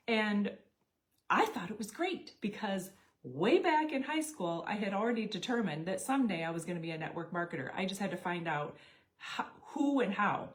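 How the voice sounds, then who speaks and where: Middle-aged woman telling her story, casual and chatty, acts out the dialogue. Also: medium pitch. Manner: animated, acts out dialogue with quoted voices. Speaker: network marketing storyteller.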